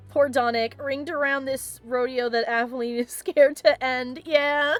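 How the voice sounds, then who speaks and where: A woman hosting a let's play, chatting and giggling excitably as she plays a video game. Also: sits high, unhurried, few pauses, faint music behind. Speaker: host.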